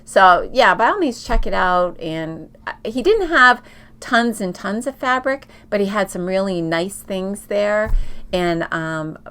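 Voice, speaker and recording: A woman's voice: mid-range voice, lively intonation, measured pace, fairly bright tone, clean tone. A middle-aged woman co-hosting a casual quilting chat, telling long travel stories with lots of fillers and restarts. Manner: chatty storyteller, many fillers and restarts. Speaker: quilting podcast co-host.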